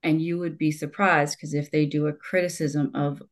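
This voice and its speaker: A woman's voice: low-pitched, flat delivery, normal speed. A woman in her forties in casual conversation, talking in long rambling stretches with restarts and laughter. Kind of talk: conversational podcast talk.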